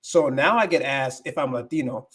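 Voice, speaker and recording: A man's voice: medium pitch, lively intonation, normal speed, a bit bright, slightly rough. A young American man whose first language is English, hosting a casual livestream and switching between English and Spanish with many fillers and restarts. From United States. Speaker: livestream host.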